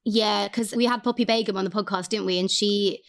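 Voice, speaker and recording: A woman co-hosting a podcast, talking in a chatty, animated way and often quoting others. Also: medium pitch, fairly quick. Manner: chatty, animated, lots of quoted voices. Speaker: podcast co-host. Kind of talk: casual chat.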